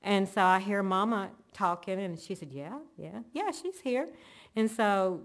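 A woman's voice: mid-range voice, animated, unhurried. A woman telling an earnest, emotional personal faith testimony, linking events one after another. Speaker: church member giving testimony.

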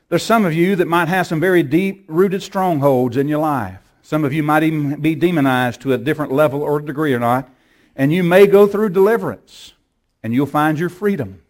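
Preacher guy, storytelling sermon, gets loud and commanding, bit higher voice. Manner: storytelling, rising to forceful commands. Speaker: pastor.

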